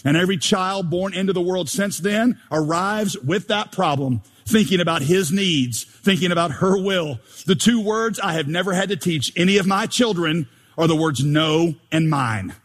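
Pastor, male, high husky voice, animated joking sermon delivery, long reverb. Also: normal speed. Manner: animated, joking, rhetorical questions.

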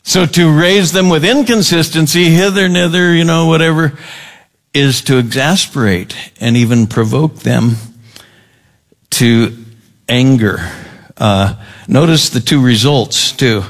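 A man preaching a sermon as pastor, deliberate and emphatic, often repeating key words. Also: on the high side.

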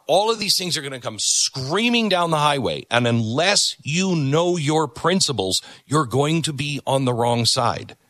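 A man's voice: medium pitch, animated, moderate pace, few pauses, fairly bright tone, no room sound, clean studio sound. A middle-aged man hosting a talk show, giving emphatic opinion commentary and repeating words for stress.

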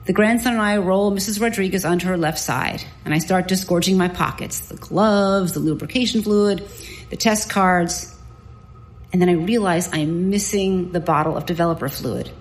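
Woman doctor telling a lively story. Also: fairly low pitch, moderate pace, roomy sound, low-quality recording. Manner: lively, self-mocking, vivid. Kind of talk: live storytelling.

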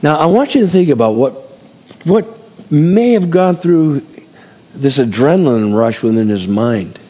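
A man preaching a sermon, his voice swinging between loud and hushed. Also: fairly high pitch, animated, measured pace, big-room sound.

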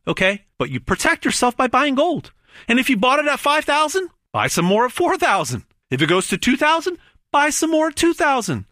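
Animated, emphatic man pitching gold. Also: no room sound, studio quality. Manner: emphatic, stammering repetitions, dramatic pauses on numbers. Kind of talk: hard-sell promotional monologue.

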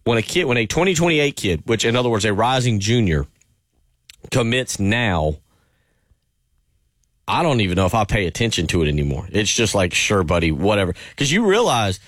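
A man's voice: lowish voice, very animated, normal speed, pauses often, no room sound, studio quality. A man hosting sports talk radio, rambling loosely with many fillers.

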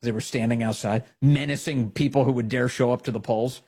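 A man hosting a political commentary show, talking in an animated, sarcastic way. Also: mid-range voice, fairly quick, husky. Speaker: host.

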